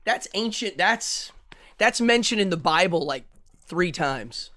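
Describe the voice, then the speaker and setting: A man guesting as a magician and ventriloquist, telling stories in an animated way and laughing often. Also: high-pitched, a little slow. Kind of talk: casual interview chat.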